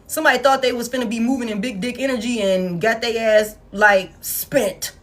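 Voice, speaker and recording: A woman giving a collective tarot reading, blunt, profane and animated, talking straight to her viewers. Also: on the high side, moderate pace. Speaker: tarot reader.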